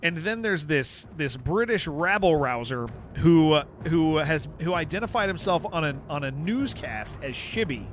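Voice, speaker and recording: A man's voice: a little high, expressive, normal speed, hardly any pauses, slight background noise. A man streaming a game, chatting casually and emphatically with his viewers and answering their messages as he goes. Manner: rambling, emphatic, reacts to chat messages.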